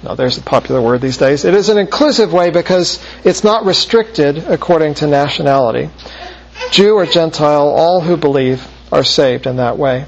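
Male Bible teacher, lecture delivery, slightly high voice, dull lo-fi recording. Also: creaky, slight background noise. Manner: measured, slows to stress key phrases.

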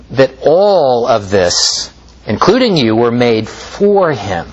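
A man preaching a sermon in a slow, measured way, rising and falling as he stresses points. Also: husky, highs cut off. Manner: slow, measured preaching with lively pitch swings.

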